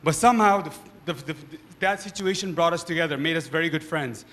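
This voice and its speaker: A man speaking on a discussion panel, an animated storyteller who often tags his points with "right?". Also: a little high, a little fast, long reverb tail. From Nepal.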